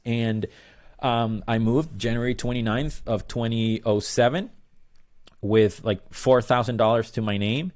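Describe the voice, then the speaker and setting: A man's voice: medium pitch, unhurried, darkish tone. A man in his thirties, a musician guest, telling a long rambling story in an interview with lots of fillers.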